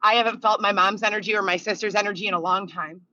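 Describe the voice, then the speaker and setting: A woman's voice: medium pitch, fairly even intonation, fast talker, sharp tone, a little hiss or hum. A woman venting in a monologue video, agitated and profane, reeling off complaints one after another. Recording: dull lo-fi clip audio.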